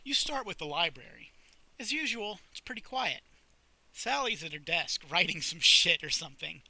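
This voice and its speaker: Bright-voiced man reading a story, wry. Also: fairly high pitch, sing-song, moderate pace, creaky, no room sound, low-quality recording. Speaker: reader. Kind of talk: reading an interactive story aloud.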